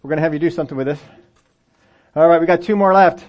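A pastor with a fairly high voice preaches quickly and conversationally in a church sanctuary, acting out the voices of the story's characters for a congregation that includes children. The recording is muffled.

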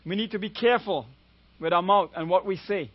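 High-voiced man preaching a sermon. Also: a little fast, dry recording, lo-fi sound. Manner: calls "amen?" often, retells a story with quoted voices. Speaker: guest preacher.

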